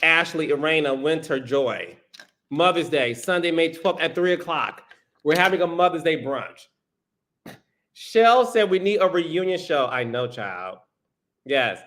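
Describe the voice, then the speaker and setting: A man's voice: on the high side, animated, a little slow, fairly bright tone, a little hiss or hum. A man hosting a live stream, reading out viewer comments in a sassy, playful way and calling people honey and child. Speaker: podcast host.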